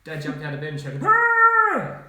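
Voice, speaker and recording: A man, a children's author, reading his own picture book aloud with playful, animated commentary and sound effects. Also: on the high side, a little fast, faint music behind. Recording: echoey room, faint noise.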